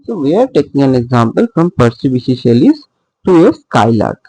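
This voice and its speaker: A man's voice: mid-range voice, very animated, moderate pace, dark tone, breathy edge, low-quality recording. A man teaching poetic meter in a recorded lecture, patiently repeating points and checking in with "okay". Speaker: literature teacher.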